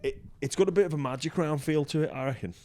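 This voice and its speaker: A man's voice: on the high side, fast talker, mellow. A man hosting a podcast in casual chat, joking and swearing loosely as he talks. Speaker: podcast host. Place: hotel in Las Vegas.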